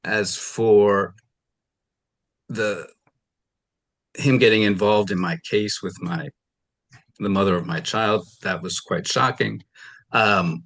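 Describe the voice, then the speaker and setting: Low, bright-voiced man testifying in court. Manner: rambling, retells arguments with quoted dialogue. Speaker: litigant testifying. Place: television courtroom.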